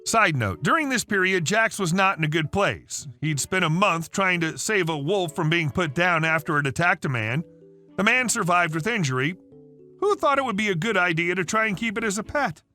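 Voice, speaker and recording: Bright, high-voiced male story narrator. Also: animated, moderate pace, faint music behind. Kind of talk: reading a story aloud.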